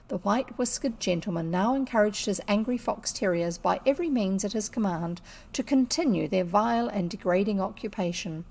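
A woman with a New Zealand accent reads a classic children's story aloud. Her narration is expressive and measured, at a middle pitch. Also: creaky. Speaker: audiobook reader.

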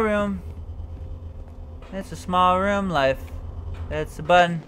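Playing a video game, this gameplay commentator talks to himself in let's play style, swearing and yelping whenever something startles him. His voice sits high and sounds smooth with a sharp tone, and he takes it slowly with long pauses.

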